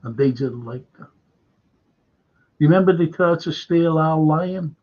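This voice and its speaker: A man's voice: on the high side, unhurried, a little mellow, muffled recording. A man with a Liverpool accent hosting a live stream, telling a rambling story that is full of swearing and heated outbursts. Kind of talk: casual rant to a live stream.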